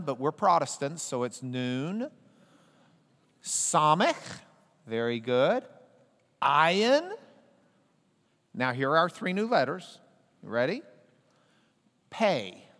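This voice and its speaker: A man with a high, fairly bright voice teaches a Bible class in a big hall, his pitch rising and falling a lot. He's playful, cracking jokes and urging the class to say the letters back, while the room's long reverb lingers.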